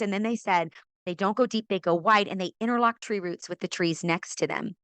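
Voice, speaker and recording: A middle-aged woman from California, a podcast guest and author, telling her faith story in an animated way, acting out quoted voices and laughing often. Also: mid-range voice, fast talker, no echo. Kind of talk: animated testimony in a faith interview.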